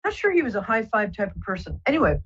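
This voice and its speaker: A woman's voice: medium pitch, big pitch swings, fast, slightly rough, highs cut off. A woman hosting a live psychic call-in show, talking soothingly and rambling with many fillers. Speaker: psychic radio host.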